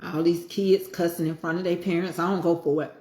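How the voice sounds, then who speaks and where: A woman's voice: on the low side, steady tone, a little fast, mellow, roomy sound. Folksy woman talking over a meal. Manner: folksy Southern talk, preachy asides. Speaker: home cooking vlogger. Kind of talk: casual chat while eating.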